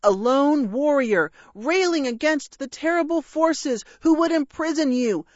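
An earnest, bumbling young male dragon with a flustered, self-important way of talking, played by a woman reader. His voice sits a bit above her own and rises with a lively swing. The sound is dry and a touch dull. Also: high voice, a little slow, dry recording, voice pushed up. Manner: earnest, flustered, grandly heroic. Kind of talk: audiobook reading.

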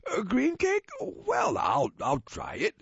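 A man voicing a shy, stammering storybook burro who hesitates over every word. The voice sits high and leaps around, drawn out slowly. It sounds husky and muffled, like a lo-fi recording. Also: very animated, no echo, full character voice. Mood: hesitant. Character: bashful male burro guest on alien planet.

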